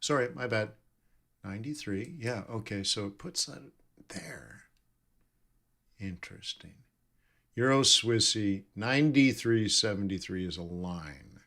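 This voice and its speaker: Slow, low-voiced man musing over trading charts. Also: expressive, vocal fry, fairly bright tone. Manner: thinking aloud, self-correcting, reading numbers off charts. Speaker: forex trading streamer. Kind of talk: live trading commentary.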